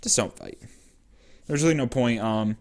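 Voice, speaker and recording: A man's voice: medium pitch, normal speed, a little mellow. Rambling young man telling a story. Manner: rambling with many fillers. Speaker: vlogger. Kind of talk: casual storytelling.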